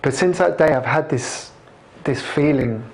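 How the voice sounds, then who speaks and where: A man giving a personal testimony to a camera. He speaks in a halting, reflective way, with many restarts. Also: a little high, a little hiss or hum. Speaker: convert sharing his testimony.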